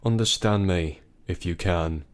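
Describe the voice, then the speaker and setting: A man's voice: deep voice, measured pace. A man voicing a defensive husband in a story, blunt and then pleading. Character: defensive middle-aged husband.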